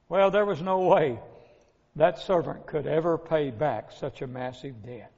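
Slow dramatic male preacher. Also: a little high, a little mellow, breathy edge. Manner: dramatic storytelling, addresses the listeners directly. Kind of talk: sermon. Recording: dull recording with long hall reverb.

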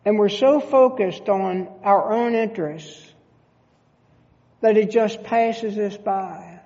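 A pastor delivers an earnest sermon at an unhurried pace, their voice carrying a gravelly edge. They stumble and restart phrases as they go. The dull recording carries the long reverb of a church sanctuary. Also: mid-range voice, warm tone. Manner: earnest, halting, with frequent restarts.

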